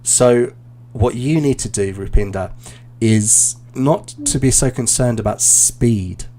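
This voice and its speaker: A British man, an IELTS teacher, giving relaxed, explanatory feedback in a live online class, with plenty of ums and uhs. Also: mid-range voice, slow pace, slight background noise.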